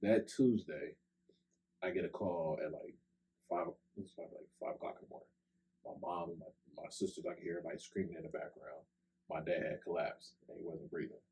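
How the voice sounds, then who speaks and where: Over a podcast microphone, a young co-host with a low, warm voice tells a long personal story briskly and in a steady tone. The chat is casual and loose, dotted with "like" and "right?", and the recording is rough.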